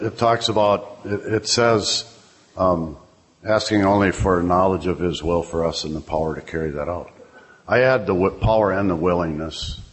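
A man sharing his thoughts at a recovery meeting, halting and restarting often before he introduces the next speaker. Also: low-pitched. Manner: halting, many fillers and restarts. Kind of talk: personal sharing to a group.

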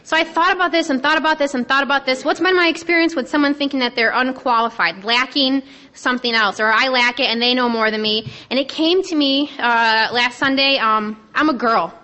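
Fast-talking excited young woman. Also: high voice. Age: young adult. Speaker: panel speaker at a recovery conference. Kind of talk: personal share talk.

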